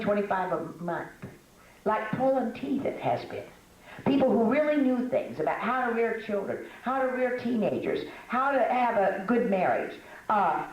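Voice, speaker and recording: An older woman with a fairly low voice talks to a room of women in a folksy, self-mocking way. She laughs often and stumbles through fillers. The room gives her voice a clear echo. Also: a little mellow, dull audio. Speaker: speaker at a women's meeting. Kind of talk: conversational talk to a women's audience. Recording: echoey room.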